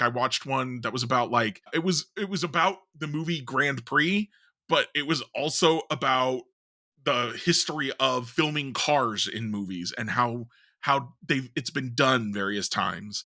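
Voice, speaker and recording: A male co-host with a very bright, sharp-edged voice at a middle pitch, wandering through his thoughts with plenty of fillers. He is close to the mic in a dry room. He sounds loose and conversational. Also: dry recording. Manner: rambling, lots of fillers and self-corrections. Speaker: podcast co-host. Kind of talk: casual sports podcast chat.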